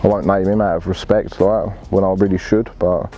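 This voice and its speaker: A man's voice: low-pitched, little pitch movement, fairly quick, warm tone. A man telling a fishing story in blunt, laddish slang and swearing freely. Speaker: angler telling his story. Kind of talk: casual storytelling.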